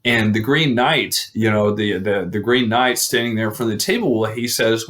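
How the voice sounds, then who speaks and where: A man's voice: on the low side, moderate pace, hardly any pauses, a bit bright. A man casually retelling an old legend, rambling with fillers and restarts.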